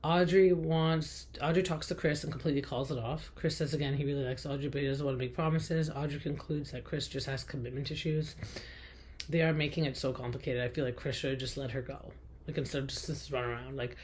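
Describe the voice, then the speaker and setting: A woman's voice: extremely low pitch, steady tone, a little fast, a little mellow, a little hiss or hum. A woman hosting a podcast, recapping reality TV in a chatty, blunt way with many fillers and some swearing. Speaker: podcast host.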